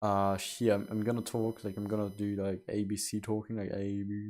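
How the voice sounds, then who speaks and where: A man's voice: lowish voice, little pitch movement, moderate pace, a little mellow. A man streaming a game, chatting casually with viewers, stumbling over and repeating his words while asking them questions. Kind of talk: casual live-stream chat.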